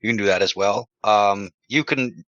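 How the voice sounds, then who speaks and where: Man explaining rules, bright low voice, slightly muffled dry recording. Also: moderate pace, dry recording. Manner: stammering restarts while explaining. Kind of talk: casual tabletop game chat.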